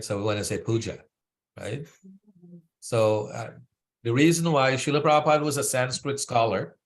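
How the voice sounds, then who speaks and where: A man teaching a devotional class how to pronounce Sanskrit verses, patiently breaking words into syllables and often checking in with "right?". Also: medium pitch.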